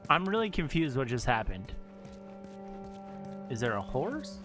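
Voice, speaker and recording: A male streamer giving excitable live commentary on a game, swearing and laughing often. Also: mid-range voice, measured pace, over music.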